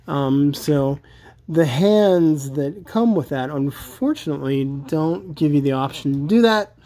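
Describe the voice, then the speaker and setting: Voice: mid-range voice, expressive, measured pace, warm tone. A toy collector reviewing action figures in a casual, chatty and enthusiastic way, with many fillers. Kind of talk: casual product review vlog.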